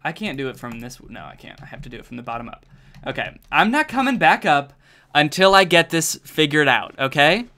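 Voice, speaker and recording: Excitable young man streaming a game. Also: on the high side. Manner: jokey, excitable, talks to himself and to chat. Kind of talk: casual live-stream gameplay chatter.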